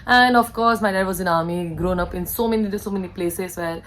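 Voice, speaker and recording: A woman's voice: on the low side, a little fast, fairly bright tone, slight background noise, low-quality recording. A woman in her thirties with an Indian English accent, chatting to camera in her room at home in a rambling way, often correcting herself. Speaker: vlogger. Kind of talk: casual chat to camera. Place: bedroom at home.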